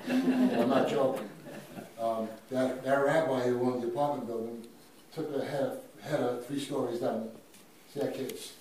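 A man's voice: medium pitch, fairly even intonation, moderate pace. Echoey far-off New man, emphatic. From Brooklyn, New York. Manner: emphatic, punchy, builds to loud peaks. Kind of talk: animated storytelling. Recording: very echoey room, mic far off, faint noise.

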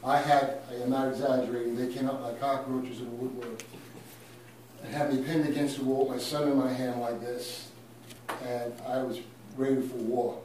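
A man's voice: mid-range voice, level tone, normal speed, recorded from a distance. A man from Brooklyn tells a story with punchy emphasis. His voice sits back from the mic in a very echoey room. A faint hiss of noise sits under it. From Brooklyn, New York. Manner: emphatic, punchy, builds to loud peaks. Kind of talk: animated storytelling.

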